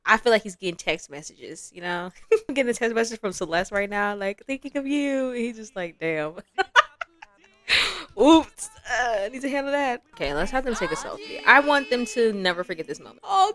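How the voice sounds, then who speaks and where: A woman's voice: on the high side, animated, normal speed, a bit bright, no echo. A young woman giving casual commentary over a life-simulation game, chatty and laughing often as she voices the characters' lines. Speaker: gameplay commentator.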